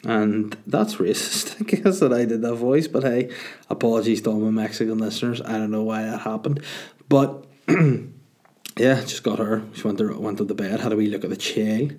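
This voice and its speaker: A young male podcast host tells a comic story in a sardonic, self-mocking manner and swears freely. His voice is fairly low with a darkish tone, delivered at normal speed.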